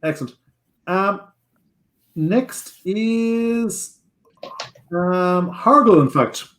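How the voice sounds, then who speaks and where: A man acting as game master in a casual tabletop game over a video call, giving quick rulings with frequent fillers. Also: sits high, a bit bright.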